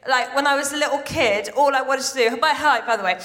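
Casting: high-pitched woman, forties, bubbly stand-up comic working a theatre crowd. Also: faint music behind. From Iran. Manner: excitable, quick asides to the crowd. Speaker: stand-up comedian. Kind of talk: live stand-up set. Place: large theatre stage.

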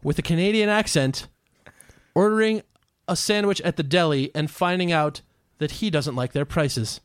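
A man's voice: on the high side, moderate pace, smooth, dry recording, studio quality. A man hosting a podcast, enthusiastically hyping his co-host and playfully ranting. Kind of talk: casual comedic banter.

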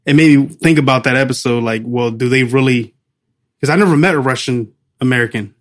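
A man's voice: medium pitch, a little fast. Chatty man co-hosting a movie podcast. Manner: chatty, laughs often, trails off searching for names. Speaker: podcast co-host. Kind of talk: casual movie review chat.

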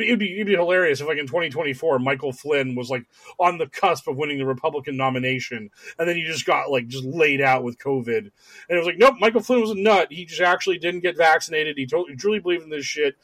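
Sarcastic guy ranting on a podcast, kinda high voice, lots of um and like, dead dry mic. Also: a bit bright, dry recording. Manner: sarcastic, ranting, many restarts and fillers. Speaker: podcast co-host. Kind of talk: casual political banter.

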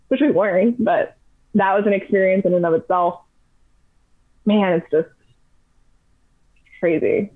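A woman's voice: medium pitch, measured pace, pauses often. Chatty young woman over a tinny line. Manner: chatty, animated retelling with lots of "like". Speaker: podcast guest. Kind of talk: casual storytelling.

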